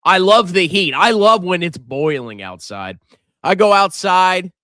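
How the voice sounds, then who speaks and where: A man's voice: high-pitched, lively intonation, measured pace, sharp tone, no room sound, studio quality. A middle-aged man hosting a casual livestream, joking and sarcastic, with theatrical swings in his voice. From Virginia coast, USA. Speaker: livestream host.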